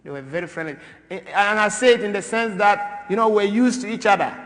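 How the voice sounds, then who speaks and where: A man from Ghana addresses a church gathering with a fairly high voice. His delivery is animated, rising to loud, emphatic bursts and dropping to quiet asides. The long reverb of a large church hangs on every phrase. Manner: animated, swings from loud to soft. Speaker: speaker at a church. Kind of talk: impassioned talk.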